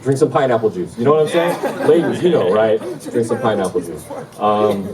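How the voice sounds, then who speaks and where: A man in his forties doing a loose, swearing stand-up set and telling stories, with sudden shouted impressions. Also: lowish voice, fairly quick. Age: 40s. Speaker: stand-up comedian. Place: club or hall with a live crowd. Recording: distant mic in a roomy hall, loud crowd.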